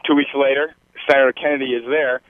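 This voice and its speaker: A man's voice: medium pitch, flat delivery, quick pace, dry recording. Storytelling male caller on the phone. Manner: storytelling, briefly mimics others. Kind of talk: phone-in anecdote. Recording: tinny phone line.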